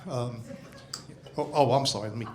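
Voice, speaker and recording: A man's voice: mid-range voice, normal speed, noisy background. A man in his sixties doing a grumpy, profane stand-up set on a club stage into a handheld mic. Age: 60s. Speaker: stand-up comedian. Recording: live club with crowd laughter. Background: audience laughter.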